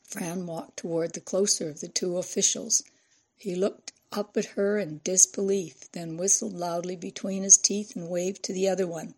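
A woman reading a novel aloud in measured, expressive scripted narration. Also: lowish voice, husky. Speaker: audiobook narrator.

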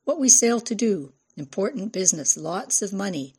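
Woman voicing a teasing Greek sailor man, Greek accent, husky, audiobook. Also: mid-range voice, very animated, moderate pace, a little mellow. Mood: playful.

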